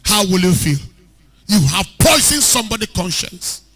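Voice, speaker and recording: A man preaching an animated sermon as a pastor, rising to shouts at times. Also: high voice, normal speed, husky. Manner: animated preaching, shouting at peaks, mixing in Pidgin.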